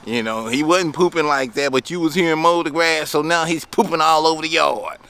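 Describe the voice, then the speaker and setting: A man's voice: fairly high pitch, a little fast, vocal fry, a bit bright, clear, resonant tone. A man telling lawn care stories to his viewers in a chatty, laughing way. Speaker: lawn care business owner. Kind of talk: casual storytelling vlog.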